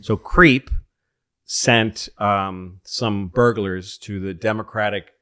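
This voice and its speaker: A man with a fairly low voice speaks slowly in a casual chat, rambling through history stories. He tells them in an animated way, quoting people's voices and swearing along the way.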